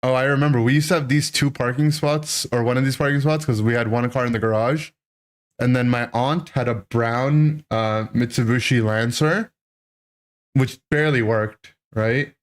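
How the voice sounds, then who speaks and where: A man in his thirties, a streamer, telling a childhood story to his chat in an animated, rambling way, full of "right?" and "like". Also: mid-range voice, moderate pace. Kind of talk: casual storytelling to a live chat.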